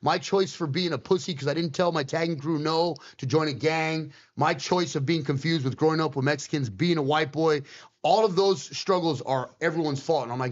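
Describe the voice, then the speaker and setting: A man telling a story in casual talk, swearing often and acting out the other people in it. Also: a little high. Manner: swearing, quick and animated retelling. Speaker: guest on a podcast. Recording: slightly dull, lo-fi sound.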